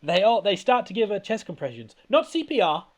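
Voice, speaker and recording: Podcast host, male, higher-pitched, rambling comedic recap, laughs a lot. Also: fairly quick. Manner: rambling, laughing often, animated. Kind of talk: casual comedic movie recap.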